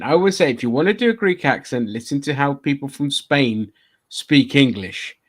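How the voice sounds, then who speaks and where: A man hosting a casual chat show, blunt and profane, ranting at length about games and comics. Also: medium pitch. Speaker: podcast host.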